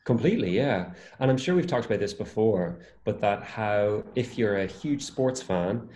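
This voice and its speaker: Low-voiced co-host in an echoey room. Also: male voice, lively intonation, normal speed, a little mellow. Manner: easygoing, agreeable listener. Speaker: podcast co-host. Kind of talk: casual podcast chat. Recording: roomy echo.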